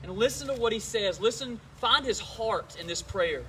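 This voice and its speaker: A man, a pastor, leading prayer and reading scripture in a church service, talking in an earnest, gentle way and repeating words as he goes. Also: high-pitched, animated, moderate pace, far from the mic, slight background noise. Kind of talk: sermon and prayer.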